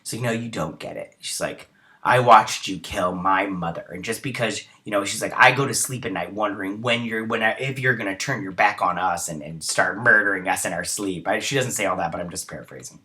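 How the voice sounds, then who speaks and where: A young man hosts a casual episode review and retells each scene in loose, rambling chatter full of ums and uhs. His voice sits fairly low, yet its tone is bright and forward. He sounds a bit tired, as it's early in the morning. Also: brisk. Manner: rambling retelling with many fillers.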